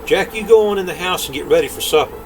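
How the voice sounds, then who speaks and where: An older grandfather reading aloud, voicing a slow-witted old male giant in a drawling folksy way. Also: sits high, a little hiss or hum, pitched above the performer's own voice, lightly acted, poor audio. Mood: coaxing.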